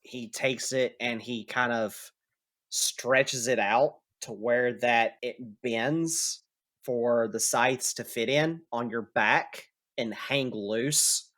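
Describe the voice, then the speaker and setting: A man narrating as game master of a tabletop game, in a casual, unhurried way. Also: mid-range voice, fairly bright tone.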